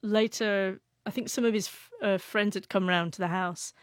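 A woman's voice: mid-range voice, fairly even intonation, moderate pace, no room sound. Brief: stuttering woman, young adult, author guest, dry close mic, sincere storytelling. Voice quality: stutters, repeats sounds. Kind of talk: emotional personal storytelling.

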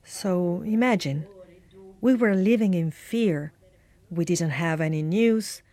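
A woman reading a translated voice-over in a measured way. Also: on the low side, warm tone.

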